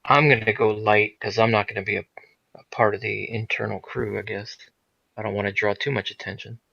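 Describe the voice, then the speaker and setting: A man playing a tabletop game, making low-key remarks over a dull, lo-fi microphone. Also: little pitch movement, a little fast, gravelly, pushed and bright, husky, no echo. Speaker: player. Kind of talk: casual tabletop game chat. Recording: dull, dry lo-fi mic.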